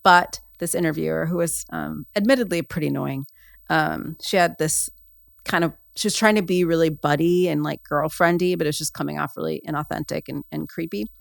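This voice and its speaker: Low, gravelly woman podcast host. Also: fairly quick, dry recording, clean studio sound. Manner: rambling, sarcastic, many fillers. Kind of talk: casual comedic pop-culture chat.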